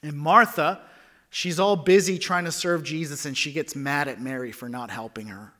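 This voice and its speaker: A pastor in his thirties preaching with a bright, ringing tone. He drops to near-whispers for tender points and surges loud for emphasis. The man's slightly high voice carries lively energy. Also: normal speed. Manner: dynamic, swings from hushed whispers to loud emphasis. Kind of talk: sermon.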